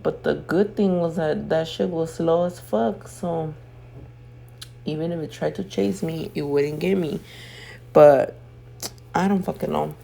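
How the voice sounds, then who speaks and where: A just-woken woman talks through a casual nail-video voiceover from home, her voice sitting low and full of gravelly fry. She chats in loose, swear-heavy slang and sounds drowsy, with a throat that keeps catching. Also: measured pace, long pauses, warm tone. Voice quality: throat feels off, clears throat. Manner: chatty, profane, slangy storytelling. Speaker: nail artist and video host. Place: at home doing her makeup.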